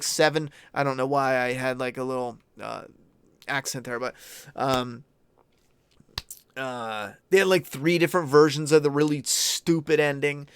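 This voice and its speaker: Young male streamer, slightly high, smooth tone, dry close sound; loose, candid, swears a lot. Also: no room sound. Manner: rambling, profane and candid. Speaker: YouTube streamer. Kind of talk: casual livestream chat.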